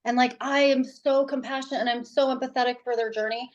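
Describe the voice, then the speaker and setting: A woman guest talks about her parenting work in a loose, animated interview style. She rambles and restarts her sentences often. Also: high voice, fast talker, lo-fi sound. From New Hampshire. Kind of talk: casual interview talk.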